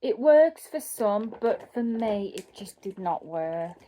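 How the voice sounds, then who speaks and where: Woman, casual craft vlog chat, unhurried, warm dark tone, self-correcting. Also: medium pitch, expressive, a little hiss or hum. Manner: chatty, thinking aloud, self-correcting. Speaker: cross-stitch vlogger. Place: home.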